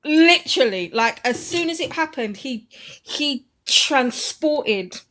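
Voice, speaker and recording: A woman's voice: sits high, animated, takes it slowly, a bit bright. A woman giving blunt commentary in casual podcast chat. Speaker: podcast co-host.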